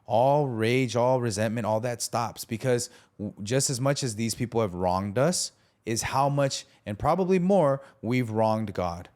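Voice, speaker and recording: A man's voice: mid-range voice, a little slow, darkish tone. A man hosting a faith podcast, telling a story animatedly and acting out the people in it. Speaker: podcast host. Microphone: studio podcast mic.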